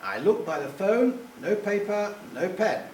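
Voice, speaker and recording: High-voiced with big pitch swings, this middle-aged man speaks unhurriedly in a slightly mellow tone, with a little hiss or hum in the audio. He's a public speaker sharing anecdotes live, chatty and self-deprecating, fumbling names, laughing at himself and voicing other people. The mic is distant in an echoey room.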